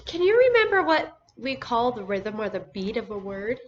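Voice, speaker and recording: A woman's voice: on the high side, big pitch swings. A woman teaching a recorded phonics lesson to young children, sounding out each word syllable by syllable. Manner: slow, sounds out words syllable by syllable. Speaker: first grade teacher. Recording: dull lo-fi recording with faint noise.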